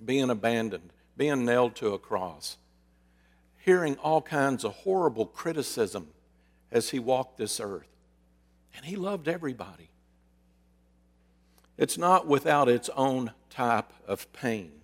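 A man's voice: mid-range voice, expressive. Man preaching in a reverberant church. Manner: preaching with dramatic pauses and acted-out quotes. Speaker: pastor. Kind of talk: sermon.

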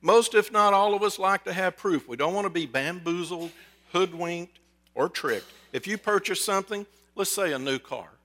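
A pastor preaching a sermon in a conversational, storytelling way, with jokes and asides. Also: male voice, high-pitched, animated, moderate pace, bright, forceful tone. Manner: acts out quoted voices.

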